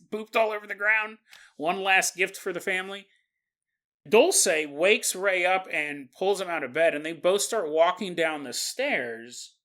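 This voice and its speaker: Male podcast host, slow animated storyteller, bright voice. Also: high voice. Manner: animated, acts out the characters in the story. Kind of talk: storytelling narration.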